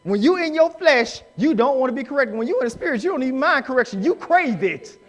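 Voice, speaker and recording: A man preaching a live sermon in church, emphatic and rising to shouts as he acts out the people he quotes. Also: extremely high pitch, expressive, quick pace. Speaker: pastor. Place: church sanctuary.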